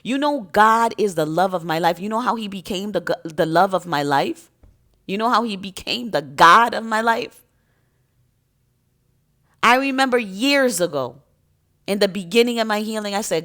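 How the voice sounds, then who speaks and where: A woman's voice: medium pitch, animated, moderate pace, pushed and bright. A woman giving an impassioned, emotional spiritual monologue to her viewers in a preachy, emphatic way. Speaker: spiritual content creator.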